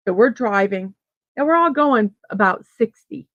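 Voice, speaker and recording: In a relaxed morning livestream she hosts every day, a middle-aged woman reads viewer comments and spins a wandering story, laughing and restarting as she goes. She speaks at a moderate pace in a medium pitch. The audio is narrow and tinny, with no room sound.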